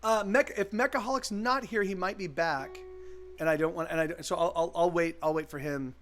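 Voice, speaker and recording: A man's voice: a little high, a little fast, fairly bright tone, a little hiss or hum. A man, a musician, chatting casually with viewers during a live stream, rambling with many restarts and the odd swear word.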